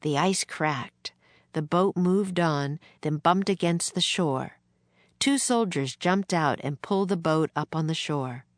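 Audiobook narrator, woman, measured and slow, deep for her range. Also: dry recording, studio quality. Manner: measured, clear storytelling. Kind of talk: scripted narration.

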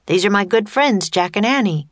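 A woman's voice: medium pitch, animated, moderate pace, no echo, pitched above the performer's own voice, lightly acted. A woman voicing a friendly, upbeat teenage boy sorcerer in a storybook reading. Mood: cheerful.

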